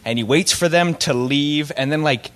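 A man's voice: fairly high pitch, normal speed, a bit bright. A man on a comedy podcast, rambling through a scene he remembers.

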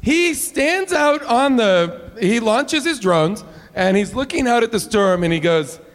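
A man co-hosting a casual movie review chat, excitable and jokey with loud outbursts. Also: very high voice, unhurried, big-room sound. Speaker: podcast co-host.

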